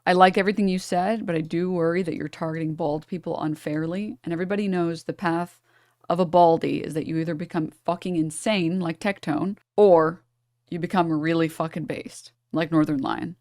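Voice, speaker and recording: A woman's voice: lowish voice, steady tone, brisk, a little mellow, no room sound, clean studio sound. A woman streamer reacting to clips in casual, profane, mocking chat with her viewers.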